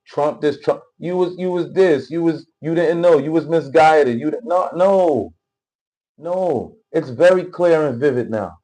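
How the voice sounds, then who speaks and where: A man's voice: a little high, measured pace, dark tone, poor audio. A man commenting casually on politics during a livestream, reading chat and rambling with many repeated phrases. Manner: rambling, repetitive, keeps asking "you know what I'm saying".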